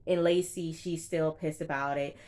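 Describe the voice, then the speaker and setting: Young woman, low-pitched, casual reality TV recapper, chatty and animated. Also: normal speed. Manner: chatty, animated retelling with quoted reactions. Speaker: TV show reviewer.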